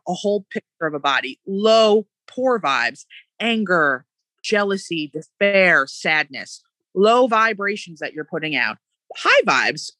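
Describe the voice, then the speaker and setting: Bright, emphatic woman talking motivation. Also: on the low side, dry recording. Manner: animated, emphatic, acts out quoted voices. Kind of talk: casual motivational chat.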